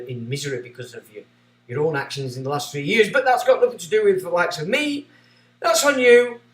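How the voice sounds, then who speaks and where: A man hosts a livestream, ranting sarcastically and reading chat messages aloud, his mid-range voice swinging between loud outbursts and mutters. He sits far from the mic in an echoey room, with slight background noise.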